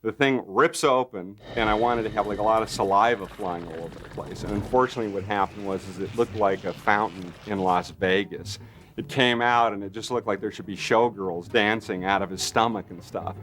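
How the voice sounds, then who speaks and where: Animated man telling a behind-the-scenes story. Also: lowish voice, brisk. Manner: animated, full of fillers, acts out quotes. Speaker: makeup effects artist interviewee. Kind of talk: documentary interview anecdote.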